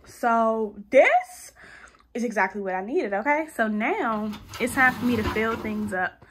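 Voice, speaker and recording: A young woman in her twenties chatting casually in a slangy, animated way while organizing her bathroom. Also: a little slow, echoey room, very noisy. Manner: chatty, slangy, animated with sudden high squeals. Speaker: lifestyle vlogger. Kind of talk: casual organizing vlog chat. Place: bathroom at home.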